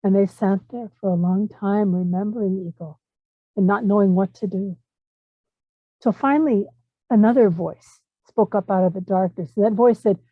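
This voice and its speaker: Woman, oral storyteller, lively telling, phone-like sound, dry. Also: medium pitch, moderate pace, no echo. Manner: lively, rising for excited moments. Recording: tinny phone-like line.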